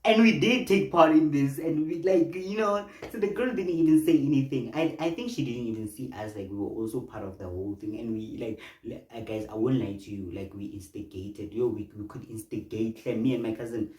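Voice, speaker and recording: A young man telling an animated storytime vlog, breaking off often to address his viewers. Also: medium pitch, a little fast, hardly any pauses. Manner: animated, exclamatory, chatty asides to viewers. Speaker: vlogger. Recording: roomy room with faint noise.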